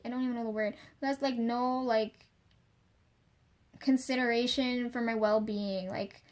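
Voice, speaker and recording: A young woman with a fairly high voice, talking straight to the camera in a loose, rambling vlog rant. She swears freely and leans on fillers, restarting her thoughts as she goes. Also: steady tone, normal speed, darkish tone. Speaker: vlogger. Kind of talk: casual confessional rant.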